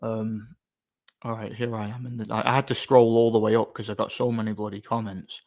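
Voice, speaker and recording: A man's voice: lowish voice, flat delivery, brisk, creaky, darkish tone. Sarcastic man chatting on stream. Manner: sarcastic, rambling, frequent fillers and restarts. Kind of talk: casual live-stream chat reading comments.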